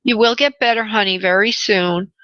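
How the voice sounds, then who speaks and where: A woman hosts a call-in radio show as a spirit medium, chatty and warm, calling her callers honey and laughing easily. Her voice is medium-pitched, at normal speed, bright and forceful, recorded dry. The radio audio sounds slightly dull.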